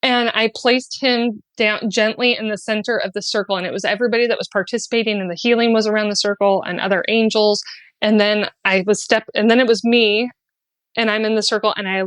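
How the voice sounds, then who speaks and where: A woman's voice: mid-range voice, brisk, dry recording. Earnest woman telling a heartfelt story. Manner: earnest and heartfelt, speaking with many "like" fillers; animated when acting out quotes, often laughing. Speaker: podcast guest, spiritual guide. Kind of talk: personal storytelling in a podcast conversation.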